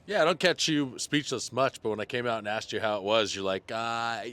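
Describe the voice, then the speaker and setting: A man co-hosting a casual talk show, talking in a relaxed, easygoing way. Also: medium pitch, fairly quick, few pauses. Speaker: co-host. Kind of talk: casual chat.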